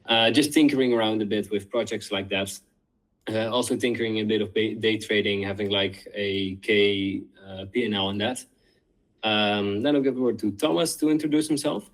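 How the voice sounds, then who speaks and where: A man in his twenties from the Netherlands, a student giving a relaxed presentation, rambling and full of uh's. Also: on the low side, low-quality recording. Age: 20s. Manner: relaxed, filler-heavy, rambling. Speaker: guest presenter. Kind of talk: casual presentation.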